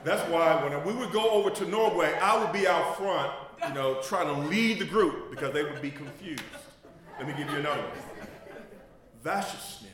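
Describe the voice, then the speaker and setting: A man preaching a sermon. He jokes, laughs and asks the congregation to fill in the missing words. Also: fairly high pitch. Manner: joking and laughing. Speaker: pastor. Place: church. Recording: very echoey room. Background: congregation responding.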